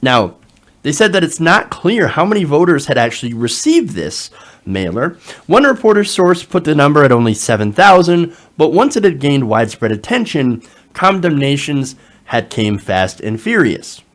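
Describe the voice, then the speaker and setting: Male commentary host, higher-pitched and animated, reads news and adds sarcastic remarks. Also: moderate pace. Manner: animated, sarcastic asides, frequent fillers. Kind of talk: reading an article aloud with running commentary.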